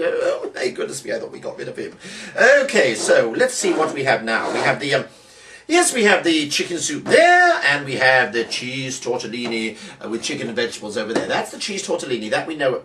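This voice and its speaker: British male magician, animated showman delivery, slightly off-mic with faint hiss. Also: medium pitch, fairly quick, far from the mic. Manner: theatrical, exclamatory showman patter. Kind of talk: demonstrating a magic trick and its patter.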